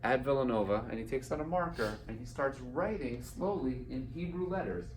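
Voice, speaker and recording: A man's voice: mid-range voice, brisk. A man in his forties, a guest speaker, telling a personal story to an audience and acting out the voices of the people in it. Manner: animated storyteller acting out quotes. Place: event hall with live audience. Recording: roomy hall, mic heard from a distance.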